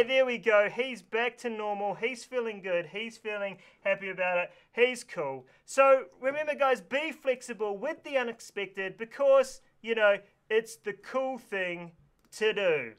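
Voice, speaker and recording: New Zealand-accented male host for a kids' lesson, excitable and exaggerated, smooth and high. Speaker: kids show presenter. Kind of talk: energetic live kids lesson. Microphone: live stream mic.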